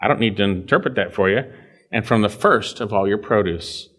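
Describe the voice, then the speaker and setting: A man's voice: fairly low pitch, fairly quick, a bit bright, husky. A man preaching a verse-by-verse Bible sermon in a conversational way, repeating phrases and checking in with his listeners.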